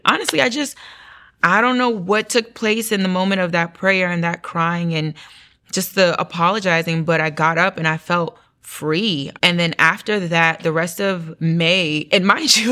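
A young woman tells her testimony in an interview, her voice sitting a little low. She talks in a lively, storytelling way, jumping up in pitch when she acts out her own past words. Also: unhurried. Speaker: guest sharing testimony.

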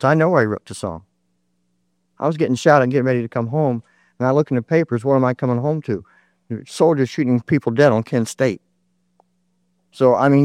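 A man in his thirties argues hard from the floor of a public debate, impassioned and insistent, repeating his points. His voice sits at an ordinary middle pitch, and the sound is dry and close. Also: darkish tone, dry recording. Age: 30s. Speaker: audience member. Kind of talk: heated public debate comment.

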